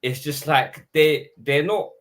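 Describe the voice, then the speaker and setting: A man talking about football in a casual podcast chat, lively and full of slang, acting out his own reactions. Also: a little high, slow pace. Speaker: podcast panelist.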